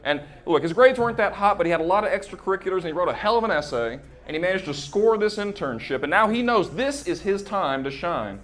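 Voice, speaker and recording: A man's voice: high voice, lively intonation, quick pace, hardly any pauses, a bit bright. A young man performing a stand-up set on a club stage into a handheld mic, chatty and working the crowd with frequent "right?". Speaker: stand-up comedian.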